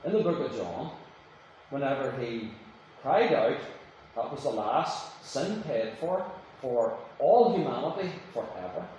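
A man's voice: mid-range voice, expressive, measured pace, darkish tone, a little hiss or hum. A man preaching a sermon in a church, shifting between casual storytelling and emphatic, rising declarations. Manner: conversational storytelling with emphatic rises. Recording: echoey room, voice from a distance.

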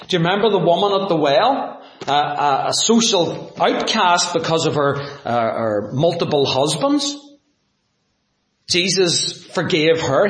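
A man preaching a sermon, dramatic and full of rhetorical questions, swinging from loud to hushed. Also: high-pitched. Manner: asks the audience rhetorical questions. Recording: echoey room.

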